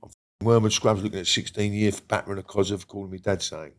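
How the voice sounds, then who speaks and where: A man's voice: fairly low pitch, steady tone, quick pace, a little hiss or hum. A man, talking as a guest about his past in a rambling, blunt way full of swearing, often checking that the listener follows. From Britain. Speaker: guest recounting a criminal past. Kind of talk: casual storytelling conversation.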